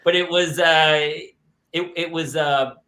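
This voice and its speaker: A middle-aged man hosting a casual chat, telling animated stories and doing his father's voice. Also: fairly high pitch, takes it slowly. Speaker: host.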